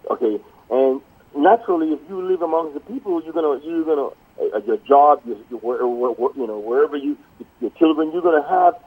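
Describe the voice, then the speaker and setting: A man's voice: a little high, animated, breathy edge. A man, a guest calling in to a radio show, cutting in eagerly to make his point. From Belize. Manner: quick, eager to interject. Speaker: guest by phone. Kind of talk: casual radio chat. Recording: phone line.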